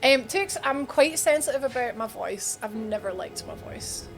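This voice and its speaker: High-voiced Scottish woman streamer. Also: expressive, normal speed, music in the background. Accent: Edinburgh Scottish. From Scotland. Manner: chatty, laughs often, greets chat by name. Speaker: game streamer. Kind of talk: casual live-stream chat.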